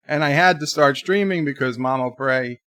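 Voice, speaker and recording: A man's voice: medium pitch, fairly bright tone, dry recording, studio quality. A man hosting a casual live stream, rambling between topics and reading viewer chat aloud.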